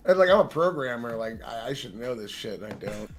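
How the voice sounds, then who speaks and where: A man's voice: mid-range voice, fairly quick, soft background music. Offhand casual man guesting on a stream. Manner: relaxed and offhand, swears casually. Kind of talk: casual chat. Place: home streaming setup, on a call.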